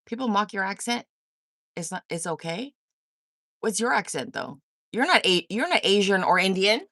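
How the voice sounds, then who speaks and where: A woman's voice: medium pitch, sing-song, normal speed, a bit bright, no echo, clean studio sound. A woman from Korea hosting a casual livestream, reading comments and giving blunt, profane opinions. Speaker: livestream host.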